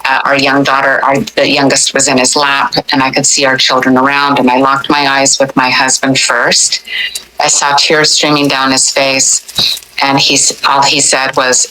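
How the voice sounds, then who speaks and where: A woman's voice: very deep voice, flat delivery, a little slow, sharp tone, slight background noise, poor audio. A woman in her forties telling her near-death experience in an earnest, reflective way, with frequent halts and restarts. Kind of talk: recounted personal story.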